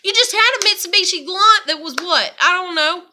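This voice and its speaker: A woman vents in a personal vlog, her voice high and very bright. She swears freely and fires off one angry rhetorical question after another. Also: animated, brisk. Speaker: vlogger.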